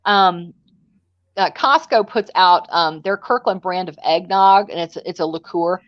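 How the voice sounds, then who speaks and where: A woman's voice: lowish voice, unhurried, dry recording. Chatty woman telling stories, dull recording. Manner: chatty storytelling, acting out dialogue. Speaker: host. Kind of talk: casual chat.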